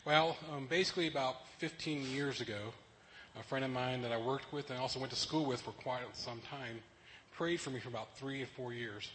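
A man tells his testimony to the congregation in a voice of middling pitch. He speaks earnestly, pausing and restarting. A faint room hum sits behind him. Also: fairly bright tone, poor audio. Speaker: church member sharing testimony. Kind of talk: personal testimony.

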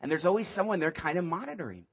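Male pastor, 30s, slightly high husky voice, earnest sermon delivery that drops to a hush and speeds up in stories. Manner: earnest, swings from hushed pleading to quick animated storytelling.

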